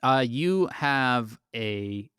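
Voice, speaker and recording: A man's voice: mid-range voice, animated, drawn-out words, fairly bright tone, clean tone, dry recording, studio quality. A man co-hosting a podcast, teasing and playful in casual chat. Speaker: podcast co-host.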